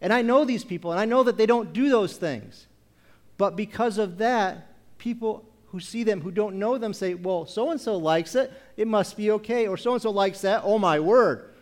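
A man preaching a sermon, posing repeated rhetorical questions and reading scripture aloud, slowing down to stress key phrases. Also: high-pitched. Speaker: pastor.

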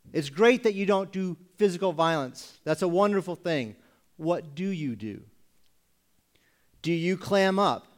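A pastor preaches in a slightly higher male voice, firing pointed rhetorical questions at the room with pauses in between. Now and then he briefly mimics members of the congregation, mockingly, to drive a point home.

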